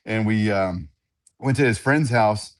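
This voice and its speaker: A man, a ring announcer, telling animated stories in a casual interview and acting out other people's lines. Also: fairly low pitch, a little slow, no echo, clean studio sound. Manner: animated storyteller who acts out others' voices.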